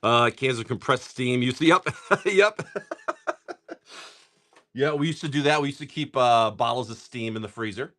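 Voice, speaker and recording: A man's voice: mid-range voice, a bit bright. A middle-aged man hosting a live stream, opening card packs, rattling off card names and telling joking stories in casual chat. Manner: rapid card-name rundowns mixed with joking stories.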